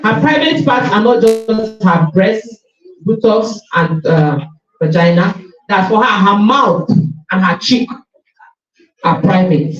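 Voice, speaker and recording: A woman's voice: medium pitch, expressive. A woman coaching a school class on body safety, asking the students questions and stressing her words. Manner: questioning, drawn-out emphasis. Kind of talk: classroom teaching session. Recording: echoey, dull, from far off.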